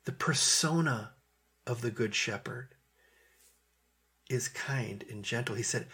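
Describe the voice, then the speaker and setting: A man delivers a sermon in a relaxed, conversational way, circling back over his points and letting his voice fall soft on the gentle passages. His voice is husky, with a pitch sitting in the ordinary middle range for a man. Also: slow, long pauses. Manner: conversational, repeats himself, drops to soft tones for gentle passages. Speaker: preacher.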